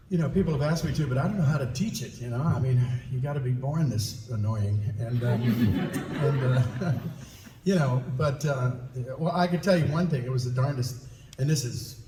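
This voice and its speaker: A man's voice: mid-range voice, dark tone. A voice actor on a convention panel, chatty and self-deprecating and laughing often as he tells stories. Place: large convention hall. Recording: echoey hall from far off, faint noise.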